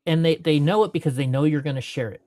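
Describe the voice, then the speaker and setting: A man speaking as an interview guest, relaxed and rambling as he tells long stories. He keeps dropping "you know" between thoughts. The sound is dry and close, with no room echo. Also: fairly high pitch, fast. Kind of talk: casual storytelling interview.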